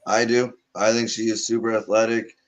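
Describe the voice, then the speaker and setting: A man co-hosting a live watch party in casual chat, mostly giving short replies and quick asides. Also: lowish voice, flat delivery.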